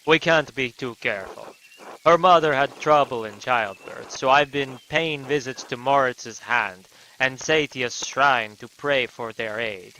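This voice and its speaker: A man's voice: mid-range voice, measured pace, bright, forceful tone, slight background noise, low-quality recording. A man voicing a devout, worried young husband with a German accent. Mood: earnest. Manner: earnest, worried.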